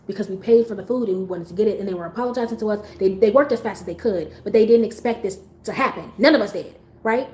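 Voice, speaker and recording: Animated, swearing woman telling a story in an echoey room. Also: medium pitch, fast talker, few pauses. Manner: animated storytelling, swears often, bursts into laughter. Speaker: livestream host telling a story. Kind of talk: casual storytime chat to a live audience. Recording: echoey room with faint background noise.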